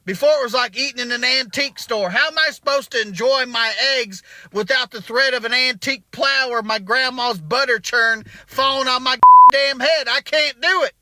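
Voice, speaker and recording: A man's voice: very high-pitched, moderate pace, few pauses, sharp tone, no room sound, heavily acted. A comedian playing an indignant man ranting about a restaurant. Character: angry Southern male restaurant regular. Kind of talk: comic monologue.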